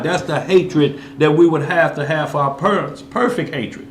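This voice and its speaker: A man hosting a Bible discussion, telling stories in a lively, casual way. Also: a little high, moderate pace, few pauses, roomy sound, a little hiss or hum. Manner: lively storyteller, casual vernacular. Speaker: Bible study host. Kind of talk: animated scripture discussion.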